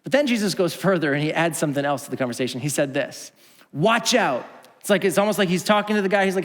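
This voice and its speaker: A man with a notably high voice delivers a sermon in a church auditorium. He tells the story in an animated way, acting out each speaker and dropping from full volume to a hush. The long reverb of the hall trails after every phrase. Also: fast. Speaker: pastor.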